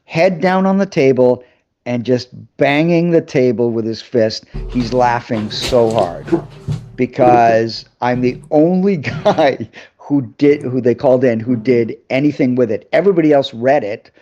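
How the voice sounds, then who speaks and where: Man, animated storyteller, plays out other voices, mid pitch, slightly dull lo-fi sound. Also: unhurried, slight background noise. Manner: lively anecdotes, acting out other people's voices. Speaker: actor and interview guest. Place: live video call.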